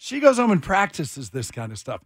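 A man's voice: high-pitched, wildly swooping pitch, moderate pace. A man hosting a radio show, bantering playfully and bossing his co-hosts through a game. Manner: playful, bossy game-runner. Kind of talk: casual morning radio banter.

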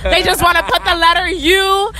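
Tipsy, sassy high-voiced woman. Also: little pitch movement, normal speed. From Los Angeles. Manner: chatty, rambling, sassy. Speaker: street interviewee. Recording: street noise with music and crowd.

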